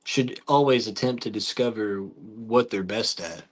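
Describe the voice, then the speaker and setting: A man's voice: lowish voice, a little slow, slightly rough. A man being interviewed as a film director, speaking in a laid-back, agreeable way with folksy phrasing. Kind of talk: casual interview chat.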